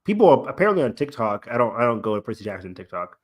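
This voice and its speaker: A man's voice: mid-range voice, big pitch swings, fast, breathy edge. A young man co-hosting a casual review chat, rambling with lots of fillers and acting out lines he quotes. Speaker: podcast co-host.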